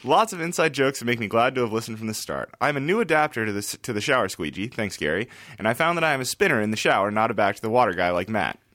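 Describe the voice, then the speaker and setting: A man's voice: mid-range voice, expressive, quick pace, hardly any pauses, fairly bright tone, no room sound, studio quality. A man on a group podcast reading a listener review aloud with a wry delivery. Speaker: podcast regular.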